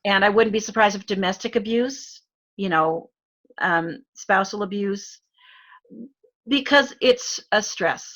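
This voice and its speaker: A middle-aged woman with an Arizona accent talks in a loose, conversational way, full of fillers and quick laughs. Her voice is bright and forward, and her pitch sits in an ordinary middle range. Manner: chatty, laughs often, many fillers. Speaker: guest. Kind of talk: casual chat.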